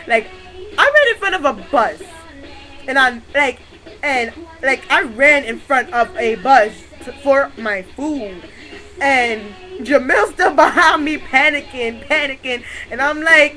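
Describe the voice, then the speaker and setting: A young woman vlogger tells a story in loose street slang, her voice high and bright. She talks excitedly and keeps cracking up as she goes, with faint music playing underneath. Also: a little slow, low-quality recording. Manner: excitable, laughing while telling a story, lots of slang. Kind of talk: casual storytelling.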